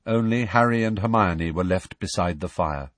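A man giving an expressive audiobook narration of a story. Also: deep voice, normal speed, no echo. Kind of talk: scripted narration.

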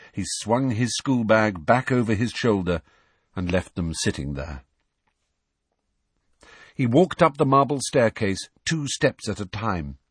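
A man's voice: on the low side, breathy edge, no room sound. A man narrating a storybook aloud, reading expressively. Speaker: audiobook narrator.

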